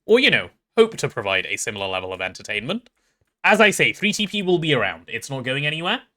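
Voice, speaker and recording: A man's voice: mid-range voice, sing-song, fast, sharp tone. A man live-streaming a game, chatting casually and rambling as he reads chat and talks through his build.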